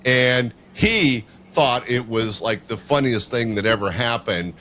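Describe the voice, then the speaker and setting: A man's voice: medium pitch, animated, unhurried, pushed and bright, a little hiss or hum. Chatty older man telling a story. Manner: chatty, rambling with fillers. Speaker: guest, show producer. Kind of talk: casual storytelling in a podcast interview.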